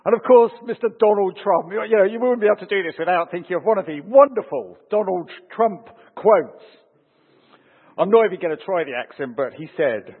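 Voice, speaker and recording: Man, preacher, husky voice, lo-fi phone-like sound, long echo of a large hall. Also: a little fast. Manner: animated, rising for emphasis and dropping low to close points. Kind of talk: sermon with opening prayer.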